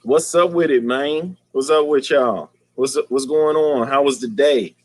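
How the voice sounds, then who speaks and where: A man's voice: mid-range voice, a little slow, dry recording. A man hosting a casual aquarium livestream, talking in slang and greeting viewers by name.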